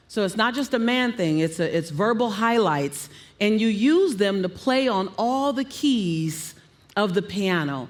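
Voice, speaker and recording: A woman coaching on public speaking, emphatic and animated, telling listeners what to write down. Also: mid-range voice, measured pace. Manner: emphatic, animated, gives instructions.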